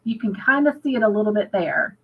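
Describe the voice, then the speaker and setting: A woman's voice: mid-range voice, animated, fairly quick, creaky, narrow, tinny audio. An American woman hosting a casual livestream chat, upbeat and chatty, reading viewer comments aloud. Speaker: livestream host.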